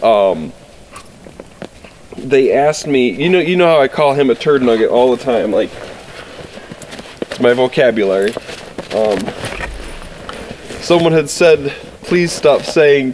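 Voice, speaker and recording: Man, talking casually outdoors at camp, animated intonation, faint background noise. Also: mid-range voice, a little slow, pauses often, low-quality recording. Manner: relaxed, rambling, laughs often. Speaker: outdoor vlogger. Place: winter campsite outdoors.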